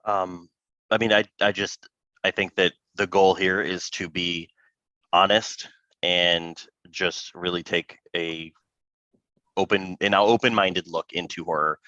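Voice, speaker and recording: A man's voice: sits low, sharp tone, no room sound, muffled recording. A man co-hosting a podcast in casual chat, playful and self-mocking. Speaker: podcast co-host.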